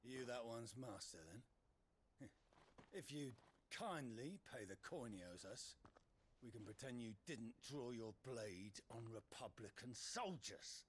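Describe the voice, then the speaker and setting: A man's voice: medium pitch, expressive, takes it slowly, a little hiss or hum. A cruel soldier thug who mocks and threatens. His talk is sneering, with faint game ambience behind it. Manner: mocking, threatening.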